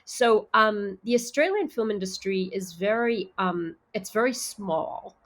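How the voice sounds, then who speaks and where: A woman's voice: medium pitch, animated, unhurried, fairly bright tone. A woman from Zimbabwe, an actor and podcast guest, talking candidly in a casual interview and thinking aloud as she explains.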